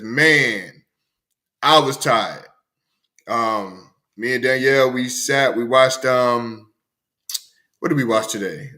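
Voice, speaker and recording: A man's voice: on the high side, bright, forceful tone. A man hosting his own show, chatting casually and rambling, often repeating himself. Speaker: host. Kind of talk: casual solo show chat.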